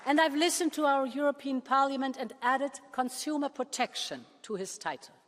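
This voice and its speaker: A woman leader giving a formal prepared speech to a parliament. She speaks in a measured way and slows down with pauses to stress key words. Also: sits high, fairly bright tone, a faint crowd, slight background noise. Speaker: political leader addressing a parliament. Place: large parliament chamber. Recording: long reverb of a large chamber.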